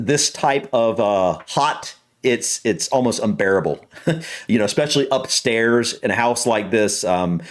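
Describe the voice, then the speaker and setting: An American man hosting a reaction video, chatting casually from an upstairs room at home in a rambling way, full of fillers and restarts. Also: mid-range voice. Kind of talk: casual chat.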